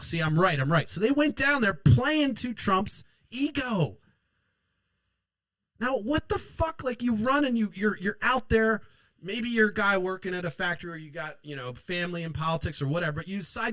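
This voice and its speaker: A man ranting in a heated, profane, rambling way. His voice sits high for a man. The recording is dry, with no room sound. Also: fairly bright tone, no room sound, rough recording. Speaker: host. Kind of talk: ranting political commentary.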